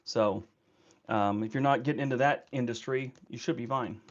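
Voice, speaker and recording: Livestream host, man, mid pitch, rambling chatter, dull lo-fi sound. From California. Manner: rambling, chatty, quick to laugh. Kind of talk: casual livestream chat.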